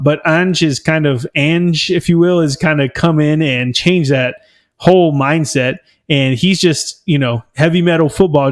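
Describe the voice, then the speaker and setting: Rambling, fairly high-voiced podcast man. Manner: rambling, filler-heavy, enthusiastic fan talk. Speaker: podcast co-host. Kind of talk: casual chat.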